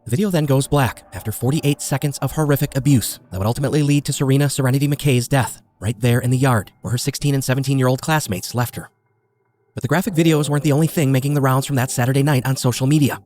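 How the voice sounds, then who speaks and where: A man's voice: mid-range voice, fast talker, a little mellow. A man reading scripted true crime narration as a podcast narrator, grave and detailed.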